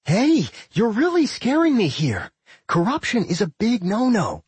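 Excitable storybook dungeon being, male, high and lively, husky, dry close sound, done by a man. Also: measured pace, no echo, exaggerated voice. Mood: excited. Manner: excitable, cheerful, yelling. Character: cheerful bloodthirsty male dungeon spirit.

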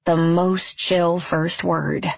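A woman from California narrating a first-person story in a wry, deadpan, reflective way. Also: lowish voice, extremely slow, creaky, dry recording, dull audio.

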